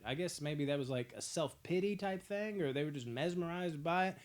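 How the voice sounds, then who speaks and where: A young man hosting a movie podcast, ranking films in a casual, profane, excitable way. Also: a little high, brisk, hardly any pauses. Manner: profane, excitable storytelling with frequent laughs.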